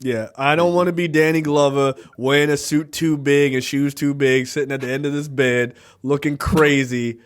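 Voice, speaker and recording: Laid-back cursing podcast host, male. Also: mid-range voice. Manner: profane, laid-back storytelling. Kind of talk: casual movie review chat.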